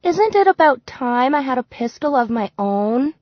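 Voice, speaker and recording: A man's voice: very high voice, big pitch swings, normal speed, no echo. A man voicing an eager, insistent young girl in an audiobook. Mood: pleading. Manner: insistent, wheedling. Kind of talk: audiobook character voice. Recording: slightly dull, dry recording.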